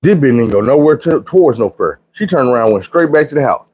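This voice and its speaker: A man's voice: mid-range voice, fast talker, husky, dull audio. A man from Arkansas telling a casual, profane childhood story, acting out the other people's voices as he goes. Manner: animated, acts out quoted voices, profane slang.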